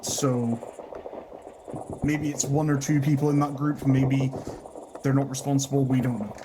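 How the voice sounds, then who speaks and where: A man's voice: mid-range voice, level tone, a little slow, noisy background. A man acting as game master, giving a rambling out-of-character recap of the story and correcting himself as he goes. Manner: rambling, self-correcting explanation.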